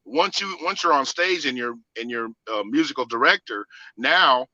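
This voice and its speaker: A man with a Southern US accent, a singer and producer, telling stories in a casual interview with lively laughs and many restarts. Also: medium pitch, normal speed, dry recording, lo-fi sound.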